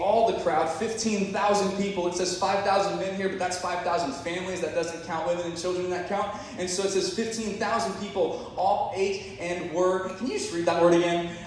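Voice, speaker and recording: A man's voice: high-pitched, a little hiss or hum. A man giving a playful, jokey youth sermon and talking back and forth with his audience. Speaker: youth pastor. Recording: echoey hall picked up from far off.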